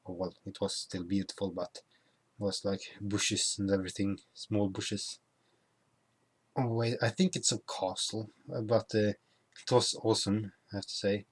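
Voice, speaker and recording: A man's voice: fairly low pitch, flat delivery, moderate pace, husky. A young man who is not a native English speaker, chatting casually through a travel vlog, with many fillers and restarts. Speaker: vlogger.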